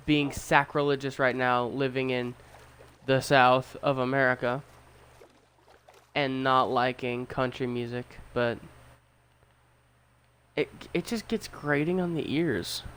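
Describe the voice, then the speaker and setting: Slow, rambling young man on stream. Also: on the high side, fairly bright tone, clear, resonant tone. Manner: rambling and opinionated, with frequent fillers and restarts. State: tired. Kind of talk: casual chat while gaming.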